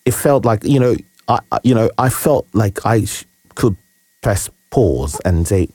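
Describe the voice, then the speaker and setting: Deep-voiced man telling his story. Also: sing-song, a little mellow, breathy edge, dry recording. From Nigeria. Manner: earnest, reflective, halting with restarts. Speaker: interview guest. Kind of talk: personal storytelling.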